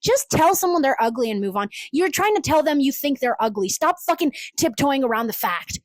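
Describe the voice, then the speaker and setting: High, lively woman ranting. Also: fairly quick, no echo, low-quality recording. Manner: profane, exasperated, sarcastic. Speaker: podcast host. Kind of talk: ranting solo podcast monologue.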